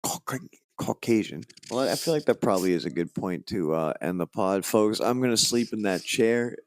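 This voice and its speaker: Rambling, low-voiced man telling jokes. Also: lively intonation, normal speed, no echo. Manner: rambling joke-telling with many fillers and restarts; puts on higher voices for joke characters. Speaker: podcast host. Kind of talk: casual chat.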